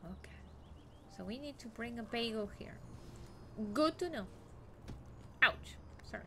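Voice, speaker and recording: A woman streamer with a high, bright voice that swings widely in pitch as she plays. She talks slowly and chattily, swearing freely and arguing with the game's characters. A faint hiss sits under her desk mic. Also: animated. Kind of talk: casual game commentary.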